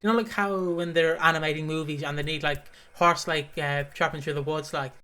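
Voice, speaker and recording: A man's voice: on the high side, steady tone, a little fast, sharp tone, clean tone. A British man co-hosting a podcast in loose, rambling casual chat, full of fillers. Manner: rambling, loose, says "obviously" and "lad" a lot. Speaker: podcast co-host.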